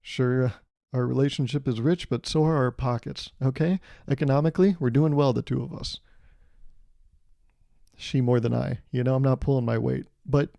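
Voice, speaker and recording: A man's voice: medium pitch, gravelly, warm tone, no room sound. A man hosting his podcast, telling a long joking story that builds to a pun. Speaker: podcast host. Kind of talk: comedic storytelling monologue. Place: California.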